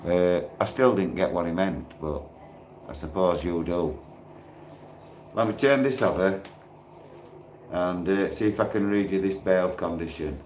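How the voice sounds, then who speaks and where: A man, hosting a casual livestream while in pain, rambling and quickly turning irate. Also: low-pitched. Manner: rambling, grows irate and loud when aggrieved. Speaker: livestreaming channel host.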